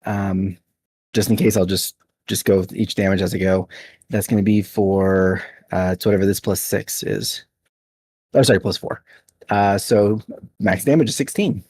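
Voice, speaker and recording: A man playing a tabletop role-playing game, chatty and laughing often, lifting his pitch when he speaks in character. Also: fairly even intonation, normal speed, darkish tone, husky, dry recording. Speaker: player.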